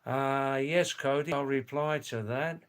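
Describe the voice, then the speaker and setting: An older man hosting a casual live stream from home, reading viewer comments in a slow, rambling way and repeating his words. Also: mid-range voice, smooth. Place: home in a small farming hamlet.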